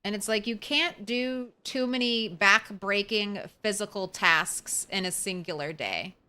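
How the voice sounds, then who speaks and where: Young adult woman, game streamer, casual chatty commentary, bright tone, slow pace. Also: mid-range voice, smooth. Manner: chatty, swears casually, talks to the game animals.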